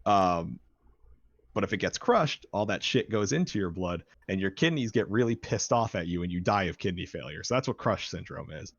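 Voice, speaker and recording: A man's voice: deep voice, moderate pace, husky, no echo, dull audio. A man chatting casually on a live stream about his band's song, rambling and swearing freely. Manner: rambling, profane, excitable. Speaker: band member.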